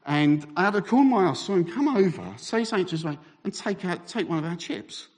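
Middle-aged preacher man, storytelling in a sermon, voice jumps all over the place, pokes fun at himself. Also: a little fast. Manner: animated, self-mocking anecdote with lively pitch swings. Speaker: Baptist minister.

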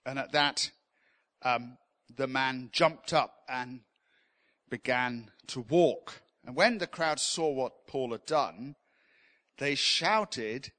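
Bright-voiced man teaching from scripture. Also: mid-range voice, slow pace, long pauses. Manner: conversational, enthusiastic, frequent restarts. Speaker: Bible teacher. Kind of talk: informal teaching sermon. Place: church teaching session.

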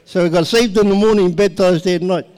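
A middle-aged man, telling a personal story in a lively way and laughing often. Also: sits high, a little fast, long reverb tail. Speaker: guest sharing his testimony.

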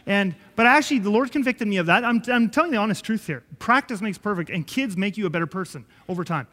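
A man giving a conversational sermon-style teaching, telling animated stories that act out dialogue and chuckling often. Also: sits high, quick pace. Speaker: Christian preacher and father. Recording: long hall reverb.

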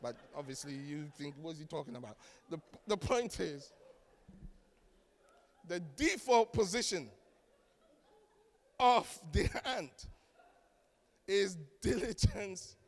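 A man preaching a sermon as pastor, animated and joking, acting out the voices of the people he quotes. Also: sits high, slow, long pauses, big-room sound. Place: church.

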